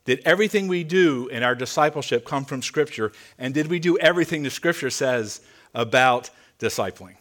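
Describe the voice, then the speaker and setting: A man preaching a sermon to his congregation as their pastor, earnest and emphatic, dropping to quieter asides. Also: medium pitch, lively intonation, fairly quick. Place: church sanctuary.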